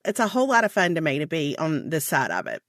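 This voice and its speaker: A chatty woman with a Southern American accent and a lowish voice, talking as a podcast guest. She laughs easily and stretches her phrases. The sound is dry and close. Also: huge pitch swings, fast, fairly bright tone, dry recording. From Mississippi, USA. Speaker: guest author. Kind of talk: podcast interview.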